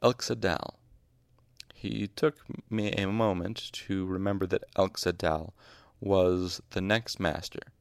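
A man's voice: sits low, little pitch movement, measured pace, few pauses, clear, resonant tone, no room sound. A man casually reading a novel aloud, stopping now and then to correct his slips. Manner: informal, stops to correct slips. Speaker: audiobook reader. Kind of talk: casual amateur audiobook narration.

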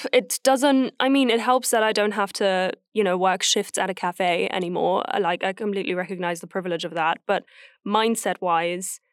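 A woman talks in a relaxed, considered way, pausing on fillers as she explains her work. Her voice is smooth and clear. The sound is close and dry. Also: mid-range voice, no room sound. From Germany. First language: German. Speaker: guest, actor. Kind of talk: casual chat.

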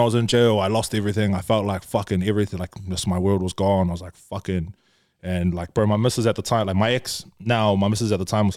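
A man's voice: on the low side, a little mellow, no echo, studio quality. A young man, candidly telling stories from his life as a podcast guest, swearing freely and calling everyone bro. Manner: swears a lot, says bro constantly. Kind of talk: candid casual storytelling.

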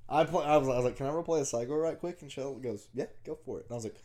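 A man co-hosting a casual podcast, telling a tabletop game story with a teasing, lively manner. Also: medium pitch, very fast. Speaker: podcast co-host.

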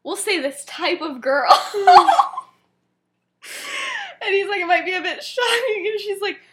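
A woman's voice: very high-pitched, very animated, unhurried. A young woman co-hosting a podcast, retelling a story in casual chat, giggling often and acting out quoted lines with lots of fillers. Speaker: podcast co-host.

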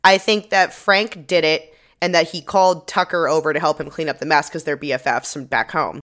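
A woman with a somewhat low voice talks through a crime show recap in loose, casual chat. She laughs easily and slips into quick impressions of the characters. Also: steady tone, fairly bright tone. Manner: laughs often, acts out quotes. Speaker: podcast co-host.

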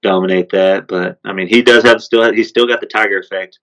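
A man co-hosting a podcast, talking sports in a relaxed, rambling way with lots of fillers. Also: fairly low pitch, fairly quick, rough recording. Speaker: podcast co-host. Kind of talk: casual sports chat.

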